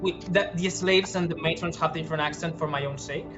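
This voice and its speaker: A man whose first language is French, running a tabletop game as game master, chatty and quick to laugh. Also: a little high, steady tone. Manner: chatty, laughs often, explains rules. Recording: lo-fi audio with music behind.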